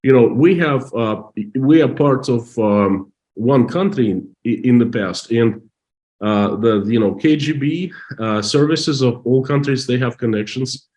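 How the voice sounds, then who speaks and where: A middle-aged man from Russia with a Russian accent, telling a story in halting, emotional English full of restarts. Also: medium pitch, a little mellow. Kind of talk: casual storytelling.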